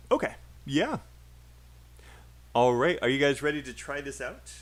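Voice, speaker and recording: A man with a British accent teaching an online English speaking class, repeating phrases slowly for learners to copy. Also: medium pitch, big pitch swings. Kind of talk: livestream pronunciation lesson.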